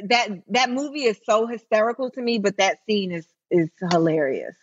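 A woman's voice: mid-range voice, moderate pace, dull audio. A woman comedian, a guest on a podcast, chatting animatedly with many restarts. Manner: animated, full of likes and restarts. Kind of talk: casual interview chat.

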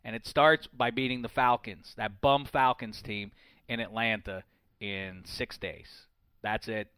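Male podcast host, lively and teasing, smooth bright voice, dry room. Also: lowish voice, measured pace, no room sound. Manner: animated, teasing, jokey. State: a bit sick, sweaty. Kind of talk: casual sports chat.

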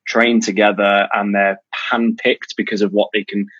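A man from the UK telling animated stories as a podcast guest, with quick restarts. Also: lowish voice, dry recording, muffled recording. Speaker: guest, charity founder. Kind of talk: casual podcast chat.

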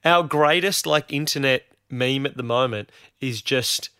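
Bright, dry-voiced Australian man, wry. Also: medium pitch, smooth, dry recording. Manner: wry, self-deprecating, quick asides. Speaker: guest supporter. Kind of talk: casual sports chat.

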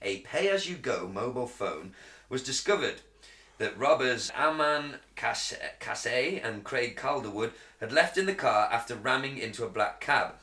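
A man co-hosting a podcast, talking in an excitable, animated way with constant swearing. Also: medium pitch, moderate pace. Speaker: podcast co-host. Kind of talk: casual chat. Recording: roomy echo.

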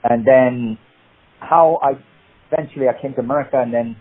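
Male actor guest, Cockney accent, husky voice, phone-line sound. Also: mid-range voice, fairly quick. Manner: rambling, animated, many restarts. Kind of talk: casual interview storytelling.

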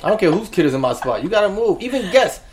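Fast-talking joking man. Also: high voice, sing-song, a crowd in the background. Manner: joking, quick interjections, slangy. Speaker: podcast co-host. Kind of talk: casual chat.

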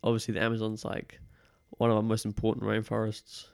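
A young man chats in a loose, rambling way, his accent caught between British and Australian. His voice sits a little low with a gravelly edge. The recording is dry and close. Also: a little fast, no room sound. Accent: mix of British and Australian. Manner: relaxed, rambling, many fillers. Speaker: podcast guest. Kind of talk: casual chat.

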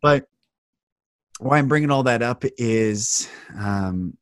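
A man's voice: medium pitch, takes it slowly, clear, resonant tone, dry recording, studio quality. Earnest man hosting a podcast. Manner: earnest, impassioned. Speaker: podcast host. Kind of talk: heartfelt podcast conversation.

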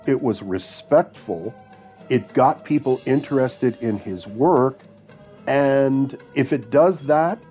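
Measured man with a mellow voice. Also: mid-range voice. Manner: measured, asks and answers his own questions. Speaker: interviewee, film commentator. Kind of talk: documentary interview.

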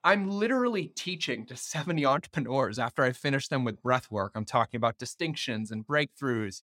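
A man hosting a podcast, telling stories in an animated way and swearing freely in casual conversation. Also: medium pitch, a little fast, no room sound, studio quality. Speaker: podcast host.

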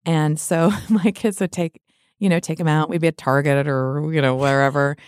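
A woman's voice: low voice, steady tone, moderate pace, darkish tone, smooth. A middle-aged woman telling personal stories in a candid, chatty way, often laughing and restarting her sentences. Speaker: guest. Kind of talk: candid conversational storytelling.

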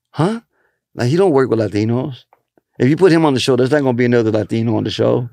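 A comedian tells stories in casual chat, acting out the people he quotes with shifting pitch. His mellow voice has lively intonation and a quick pace, recorded dry with studio quality.

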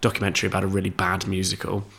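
A man co-hosting a podcast with a bright, clear tone. He tells anecdotes in a relaxed, chatty way, filling his pauses with ums and uhs. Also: deep voice. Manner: chatty storyteller, hesitant fillers. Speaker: podcast co-host. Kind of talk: casual chat.

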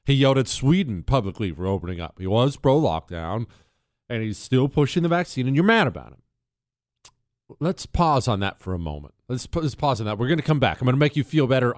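Lively, emphatic talk radio host. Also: male voice, medium pitch, dry recording, clean studio sound. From Texas. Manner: conversational, emphatic, lively rhetorical questions.

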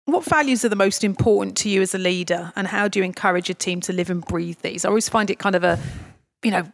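A woman's voice: medium pitch, quick pace, vocal fry, dry recording. A woman from England hosting an interview, chatty and asking questions in a casual way. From Chatham, England. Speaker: interviewer, host.

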